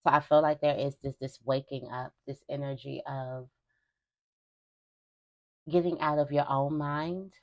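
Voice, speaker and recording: A woman's voice: a bass voice, darkish tone. A young woman giving a spiritual reading to her viewers in a casual, emphatic way, repeating phrases as she talks. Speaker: tarot reader.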